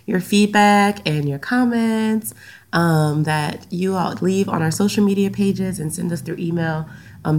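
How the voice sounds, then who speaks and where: A woman with a Southern US accent talks through her solo podcast in a relaxed, chatty way, her voice sitting a little low. She sounds slightly stuffy from a recent sinus infection and fills pauses with frequent "um"s. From Louisiana, US. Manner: chatty, many "um" fillers. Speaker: podcast host and counselor. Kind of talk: casual solo podcast talk.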